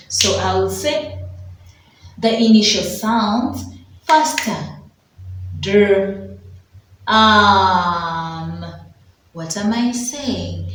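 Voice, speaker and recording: A Ugandan woman teaching phonics to small children speaks at a very slow, careful pace. She draws out each letter sound. Her voice comes from some distance in a very echoey room with faint background noise. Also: medium pitch, animated. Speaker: preschool teacher. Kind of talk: phonics lesson for young children.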